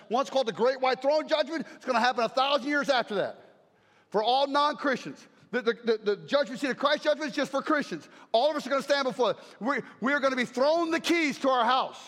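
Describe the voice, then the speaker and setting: A man preaching a sermon as a traveling speaker, animated and emphatic, shouting key phrases. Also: extremely high pitch, fast talker. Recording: echoey hall.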